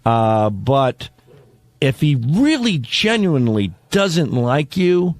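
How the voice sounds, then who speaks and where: A man's voice: medium pitch, very animated, takes it slowly, dry recording. A man in casual radio chat who talks in a rueful way and laughs things off. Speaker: radio show staffer.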